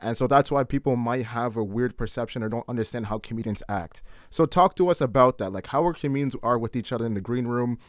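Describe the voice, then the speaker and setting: Rambling podcast host, dry close mic. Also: male voice, medium pitch, quick pace, hardly any pauses, no echo. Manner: loose, rambling questions. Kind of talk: interview questions.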